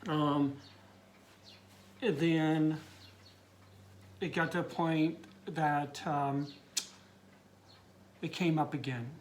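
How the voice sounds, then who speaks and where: Teary middle-aged guy telling his coming-out story, slow and halting, lots of ums and restarts. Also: on the high side, a little hiss or hum. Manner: halting, with many fillers and restarts.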